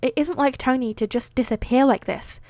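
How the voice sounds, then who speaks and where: A woman's voice: sits high, moderate pace, a little mellow, dry recording, close to an everyday voice. A woman reading as a firm, worried young woman. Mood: insistent. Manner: firm, pressing.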